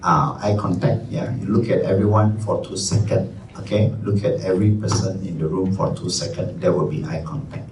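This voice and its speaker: A man with a Malaysian English accent teaching a live workshop, energetic and conversational, stressing key words. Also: low-pitched, normal speed. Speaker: trainer. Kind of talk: live presentation skills workshop. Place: training room. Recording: echoey room, distant mic, faint room noise.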